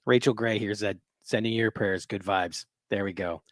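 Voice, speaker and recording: A man's voice: fairly low pitch, normal speed, dry recording. A man hosts a live stream and chats in a friendly, easygoing tone. The sound is dry and close. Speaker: show host. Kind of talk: casual live-stream chat.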